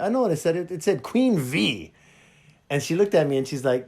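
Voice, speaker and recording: A man hosting a podcast, telling a funny story in a casual, animated way and acting out both sides of a conversation. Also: on the high side, normal speed. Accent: Hawaiian. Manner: animated, jumps between loud and quiet, acts out dialogue. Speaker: podcast host.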